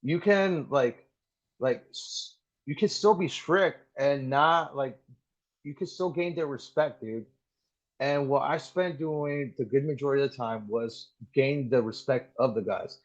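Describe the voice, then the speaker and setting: A man in his thirties, an active-duty Marine, is a guest on a casual podcast interview, telling animated stories while swearing a lot and leaning on "like" and "dude." His voice is mid-range at a measured pace, and the audio is muffled and dull.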